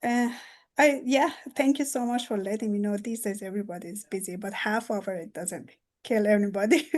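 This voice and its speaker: Woman, real estate agent, role-play pitch, hesitant, lots of pauses, mid-pitched voice. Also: darkish tone. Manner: halting, with many "uh" pauses.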